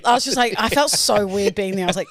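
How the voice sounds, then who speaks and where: A woman's voice: medium pitch, fast, slight background noise. An Australian woman co-hosting a podcast, joking and swearing while telling stories. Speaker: podcast co-host. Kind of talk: casual banter.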